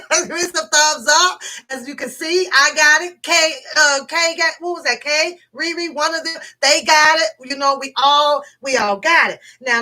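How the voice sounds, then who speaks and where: A middle-aged woman vlogger telling a story to her viewers in a casual, profane, animated way, laughing as she goes. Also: high voice, rough recording.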